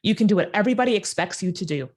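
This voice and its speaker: A woman guest in an interview telling a personal story, acting out the quoted voices with sudden jumps in pitch. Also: expressive, racing, darkish tone.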